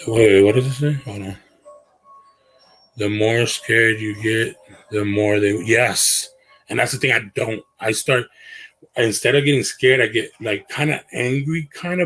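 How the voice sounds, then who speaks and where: A man's voice: mid-range voice, a bit bright, poor audio. A man hosting a casual livestream from his bedroom, talking to viewers in slangy, earnest speech that often trails off and restarts. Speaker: livestream host.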